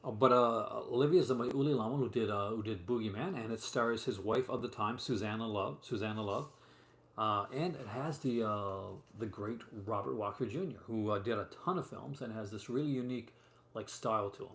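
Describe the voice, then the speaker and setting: In a room at home, a man with a lowish voice speaks briskly while hosting a casual live stream about movie releases on physical media. He rambles chattily, dropping in plenty of fillers and asides. The sound carries a roomy echo with faint room noise.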